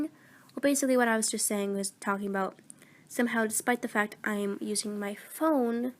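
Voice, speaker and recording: A teenage girl chatting aimlessly into her phone mic, meandering and a little self-deprecating. Her voice sits somewhat high for a woman, and she sounds a bit under the weather. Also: fairly even intonation, brisk. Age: teens. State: sick. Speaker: voice actor vlogger. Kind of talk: casual rambling vlog.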